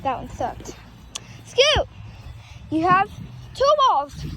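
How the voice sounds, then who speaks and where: A woman's voice: extremely high pitch, sing-song, drawn-out words, background noise. A young girl playing outdoors with her dog, coaxing and chatting to him in a playful sing-song voice. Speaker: dog owner. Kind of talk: casual vlog talk to a dog. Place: outdoors in a yard.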